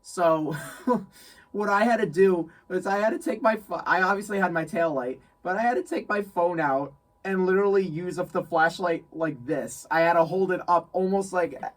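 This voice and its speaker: A young man from New York telling a story in casual chat, animated, laughing often and repeating phrases. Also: sits high, normal speed, distant mic, low-quality recording. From New York State. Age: young adult. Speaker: guest friend.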